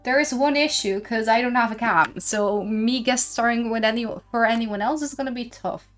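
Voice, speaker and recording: A woman's voice: fairly high pitch, moderate pace, soft background music. Slightly tired, giggly woman chatting. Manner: giggly, reads passages aloud. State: a little tired. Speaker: streamer. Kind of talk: casual chat.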